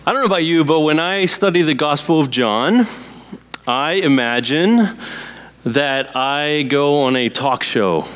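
A man who is a pastor, preaching a sermon in a slow, deliberate way with emphatic pauses. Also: a little high, expressive, a bit bright, clean tone.

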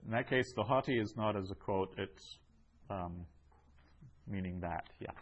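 A man teaching a Greek class, going over answers in a slow, measured way with many ums and uhs. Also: lowish voice, slightly rough.

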